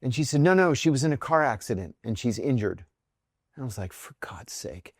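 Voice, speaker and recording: A man's voice: mid-range voice, lively intonation, quick pace, no room sound, studio quality. A middle-aged man from near Pittsburgh, a podcast guest telling vivid personal stories and acting out the voices of people in them. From near Pittsburgh, United States. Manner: vivid anecdotes, acts out quoted voices. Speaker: podcast guest, former intelligence officer. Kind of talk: candid storytelling in conversation.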